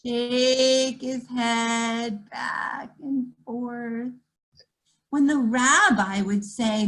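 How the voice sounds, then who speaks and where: A woman telling a children's story at storytime, slow and animated, inviting the kids to join in. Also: a little high, low-quality recording.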